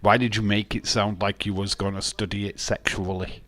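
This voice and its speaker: A man's voice: fairly low pitch, flat delivery, moderate pace, fairly bright tone, dry recording. A man chatting casually on a wrestling watch-along stream, rambling and blunt, with frequent laughs. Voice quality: rambling, blunt, repeats words, laughs often. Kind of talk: casual live-stream chat.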